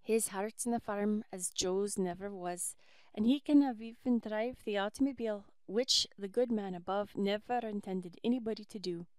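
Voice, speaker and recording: A woman voicing a warm old Irish housekeeper, with an Irish accent and homely turns of speech. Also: mid-range voice, normal speed, dry recording, lightly acted. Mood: comforting.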